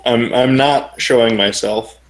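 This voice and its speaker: Male player, slow and hesitant, casual game table. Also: mid-range voice, fairly even intonation. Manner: hesitant, restarting.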